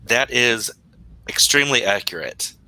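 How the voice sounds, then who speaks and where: Man, slow bright voice, teasing and laughing, casual chat. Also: medium pitch, animated, rough recording.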